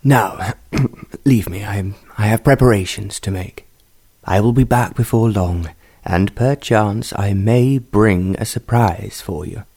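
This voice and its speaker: A man's voice: fairly low pitch, takes it slowly, husky, heavily acted. A man doing a kindly old aristocratic father. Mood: choked. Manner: soft, kindly, formal. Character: older aristocratic father, gentle and tender.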